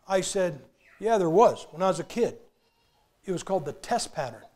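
A man's voice: sits high, lively intonation, moderate pace, darkish tone. An older man preaching a humorous sermon in a church, folksy and joking as he acts out old movie scenes.

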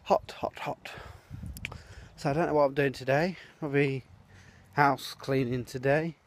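A man's voice: medium pitch, fairly even intonation, measured pace, slight background noise. A man chatting casually to his phone camera for a family vlog, rambling with trailing fillers as he moves between the house and garden. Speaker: family vlogger. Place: at home, indoors and in the garden. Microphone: phone camera held by the speaker.

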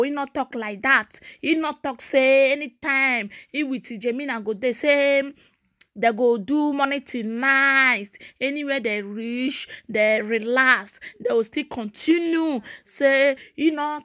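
A Nigerian woman hosting a celebrity gossip channel, talking in a casual, animated, mocking way with sing-song repetitions. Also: high voice, unhurried.

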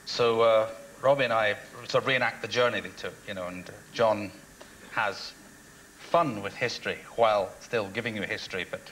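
Hell klingender Mann, schneller Plauderton. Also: male voice, lowish voice, a little hiss or hum, rough recording. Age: 30s. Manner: quick, jabbering, animated. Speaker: actor and comedian guest. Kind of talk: talk-show chat.

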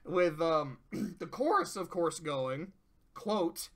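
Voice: mid-range voice, slow. A cartoon reviewer in casual commentary, rambling and swearing freely while retelling an episode. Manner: profane, rambling, animated.

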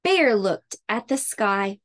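Slow, lively woman reading to preschoolers. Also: medium pitch. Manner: expressive storybook reading with sound words. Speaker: preschool teacher. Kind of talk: reading a picture book aloud for preschoolers.

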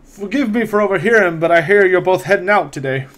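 Man playing a gruff barkeep, wry and dry, fast-talking, a touch higher voice. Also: a bit bright. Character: gruff middle-aged male tavern keeper.

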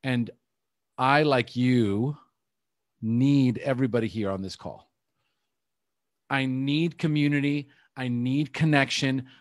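A man's voice: medium pitch, slow pace, long pauses, no room sound, clean studio sound. A man coaching a group on a call, telling a candid, emotional personal story in a confessional way. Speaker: life coach.

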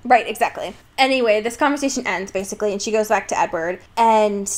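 A woman's voice: medium pitch, a little fast. A woman co-hosting a casual podcast, recapping a book with lots of laughs and fillers. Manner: giggly, animated, lots of fillers. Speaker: podcast co-host.

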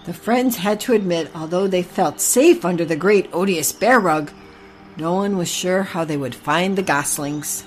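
A woman telling a children's barnyard story in a gentle, even reading voice. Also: lowish voice, normal speed, soft background music.

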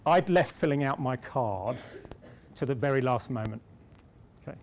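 A middle-aged man from Britain addresses a conference hall, opening with a self-deprecating story, restarting as he goes, and then making his point. He speaks at medium pitch and a moderate pace, with slight background noise.

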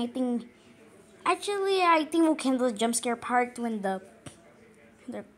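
A woman voicing a squeaky, cheerful male cartoon mouse who rambles nervously while reacting to a video, breaking into frantic yelps. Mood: sheepish. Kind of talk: in-character reaction commentary.

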